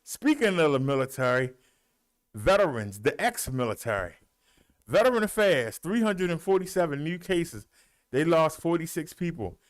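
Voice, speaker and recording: A middle-aged man and show host, out of breath, reading out the day's figures in a folksy, animated way. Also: on the high side, normal speed. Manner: animated, rolls his R's, folksy drawl. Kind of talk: casual livestream talk, reading daily stats.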